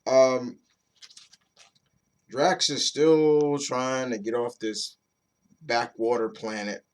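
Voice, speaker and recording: A man at an ordinary middle pitch talks through a comic book review in a loose, rambling way. He swears now and then, restarts sentences often, and keeps it casual and chatty. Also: fairly even intonation, very slow.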